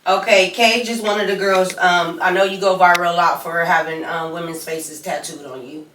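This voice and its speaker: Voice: mid-range voice, steady tone, moderate pace, a bit bright, slight background noise. An interviewer asking short prompting questions. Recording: echoey room, mic at a distance.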